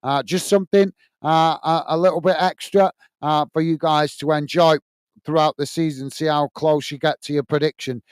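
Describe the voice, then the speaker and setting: A British man hosting a casual football live stream, filling his talk with "uh" as he reads out comments and thanks viewers one by one. His voice sits a little high for a man and comes through smooth and clear. The sound is dry and close, with little room around it. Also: steady tone, normal speed, no echo. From United Kingdom. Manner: chatty, many "uh" fillers, friendly sign-offs to viewers.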